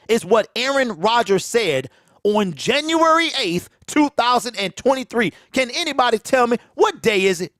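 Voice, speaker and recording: A sports talk show host with a Michigan accent rants in casual commentary, his high-pitched, very animated, slightly bright voice moving at a moderate pace. He gets preachy and repeats phrases for emphasis, and his close mic pops on plosives with no echo in the recording.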